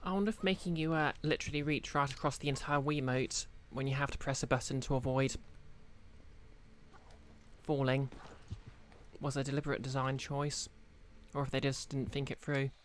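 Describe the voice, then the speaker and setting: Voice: mid-range voice, steady tone, normal speed, pauses often, slight background noise. Chatty game streamer. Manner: chatty, rambling, with many fillers. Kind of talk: casual chat while playing and reading chat.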